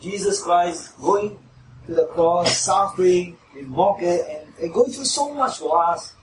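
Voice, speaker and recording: A man's voice: sits high, expressive, a little slow, a little hiss or hum. A man preaching a sermon who asks his listeners questions and raises his voice when he quotes mockers. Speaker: pastor. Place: church hall. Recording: echoey hall, mic from far off.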